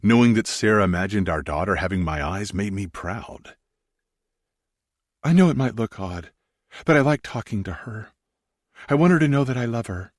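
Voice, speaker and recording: A man's voice: sits low, no room sound, studio quality. A man narrating a first-person romance audiobook in an intimate, brooding way.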